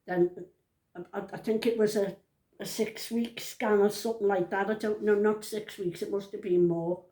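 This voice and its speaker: A woman's voice: medium pitch, fairly even intonation, moderate pace, warm tone, reverberant. A woman in her seventies, telling a family story at home in a chatty, rambling way, often breaking off and interrupting herself. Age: 70s. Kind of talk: casual storytelling to camera.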